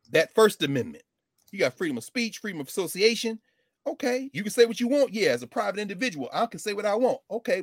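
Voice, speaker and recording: A man giving an animated lecture with comic asides, jokey and quick to slip into mock voices. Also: high-pitched, no echo, clean studio sound.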